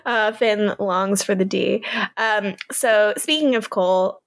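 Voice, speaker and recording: A young woman co-hosting a podcast, recapping a show in casual chat, animated and laughing as she quotes characters. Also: medium pitch, takes it slowly, dry recording, clean studio sound. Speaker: podcast co-host.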